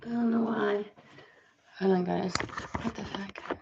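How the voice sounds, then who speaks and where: A woman's voice: mid-range voice, steady tone, unhurried, vocal fry, very noisy. Rambling, swearing woman in a roomy room. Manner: rambling and chatty, swears freely. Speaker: tarot reader hosting a live stream. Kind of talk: casual live-stream chat. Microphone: webcam. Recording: roomy, slightly dull home webcam audio.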